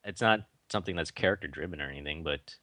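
A man's voice: rumbling low, fast talker, bright, forceful tone, no room sound. A young man co-hosting a casual podcast, retelling movie trivia in a rambling way with lots of fillers. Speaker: podcast co-host. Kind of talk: casual chat.

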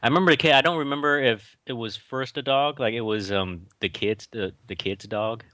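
A man's voice: medium pitch, fairly quick, pushed and bright, no echo. A young man co-hosting a casual podcast, retelling movie trivia in a rambling way with lots of fillers. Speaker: podcast co-host. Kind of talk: casual chat.

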